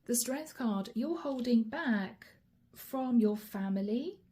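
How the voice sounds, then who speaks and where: A woman giving a channeled tarot reading straight to her viewers, chatty and friendly, slowing down to name each card. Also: a little high, animated, warm tone, slight background noise. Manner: chatty, addresses viewers directly, slows to name cards. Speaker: tarot reader.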